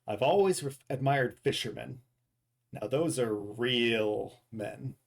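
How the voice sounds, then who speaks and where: Gravelly guy streaming a game, reads dad jokes to chat, keeps fixing how he said stuff. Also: mid-range voice, takes it slowly. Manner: rambling, self-correcting, chuckles at own jokes. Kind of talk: casual live stream chat.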